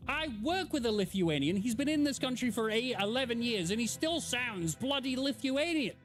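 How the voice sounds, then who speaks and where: An animated English man on a live game stream, chatting with his viewers and swearing freely. His voice runs high and swings a lot in pitch. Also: normal speed, faint music behind. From England. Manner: animated, swearing, answering chat. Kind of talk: casual live-stream chat while gaming.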